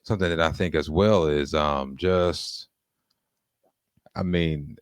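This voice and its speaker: A man's voice: very deep voice, fairly even intonation, takes it slowly, smooth, no echo, studio quality. A man co-hosting a podcast, talking through faith in a casual, rambling way full of restarts. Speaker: podcast co-host.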